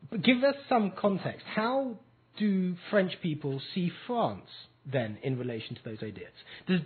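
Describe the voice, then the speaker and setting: A man's voice: high voice, breathy edge, narrow, tinny audio. A man from England with an English accent, hosting a radio show and introducing his guest with eloquent enthusiasm. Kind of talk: talk radio interview.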